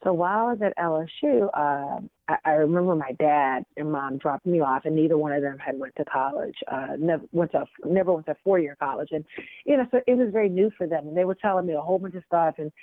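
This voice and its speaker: A woman talks as a guest, chatty and animated, often restarting her sentences. Her voice comes through a thin, tinny phone line with a dry sound. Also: deep voice, quick pace, no echo. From American South. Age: 40s. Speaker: interview guest. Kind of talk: casual storytelling chat.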